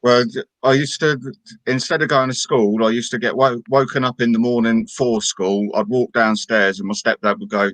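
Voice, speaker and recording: A man's voice: medium pitch, fairly even intonation, moderate pace, a bit bright, dry recording. A man telling a casual story about his past, hesitant and restarting his sentences.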